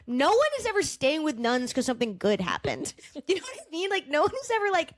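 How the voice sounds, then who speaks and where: Guesting on a podcast, this Boston-area comedian spins lively stories in easy conversation, leaning on lots of filler words and swearing often. She speaks quickly in a high-sitting voice, and the dry recording is studio quality.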